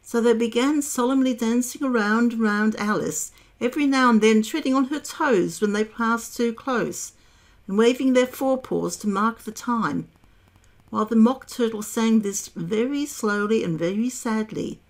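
A woman narrating a storybook aloud in a measured, expressive way. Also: fairly high pitch.

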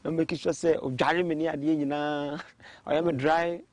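Man, halting speech. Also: fairly high pitch, flat delivery. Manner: halting, repeats words, stammers. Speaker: interview guest. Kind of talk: casual testimony interview.

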